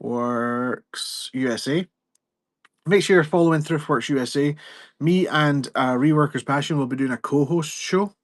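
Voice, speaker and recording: A man's voice: a little high, moderate pace, no room sound, clean studio sound. A man hosting a selling live stream, chatting in a rambling, joking way. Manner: rambling, jokey, self-interrupting. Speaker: livestream seller host. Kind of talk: casual live-stream chat.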